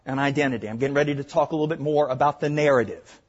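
An older man with a Southern accent, from Arkansas, preaching a sermon, stressing points loudly and then dropping to hushed asides. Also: medium pitch, rapid-fire, dull audio. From Arkansas, USA. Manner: emphatic, swings between loud stresses and hushed asides.

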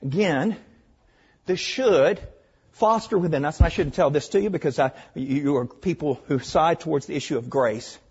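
An older man with a Southern accent, from Arkansas, preaching a sermon, stressing points loudly and then dropping to hushed asides. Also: fairly high pitch, normal speed, slightly rough, muffled recording. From Arkansas, USA. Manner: emphatic, swings between loud stresses and hushed asides.

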